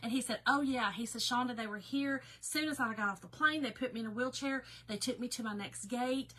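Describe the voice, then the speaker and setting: Bright chatty woman. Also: fairly high pitch, brisk, rough recording. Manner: chatty and emotional, addressing viewers as y'all. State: tearful at times. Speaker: craft seller and storyteller. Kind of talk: casual chat to viewers.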